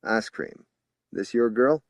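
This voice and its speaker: A man voicing a fat, gentle old mountain man who talks very slowly and softly. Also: fairly low pitch, gravelly, no echo. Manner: very slow and gentle, hushed.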